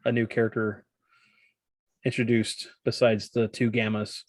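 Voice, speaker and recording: A man's voice: lowish voice, flat delivery, measured pace, no echo, studio quality. Stumbling, joking man hosting a podcast. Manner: stumbles over words, jokey. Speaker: podcast host. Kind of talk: casual chat.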